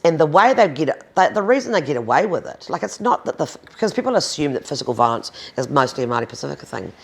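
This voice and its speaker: A blunt woman in her fifties speaks with a New Zealand accent. Her voice has a gravelly edge and swings widely in pitch as she drives each point home. She swears freely and doesn't soften a thing. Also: sing-song, very fast. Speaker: interviewee, domestic violence advocate. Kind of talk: candid conversational interview.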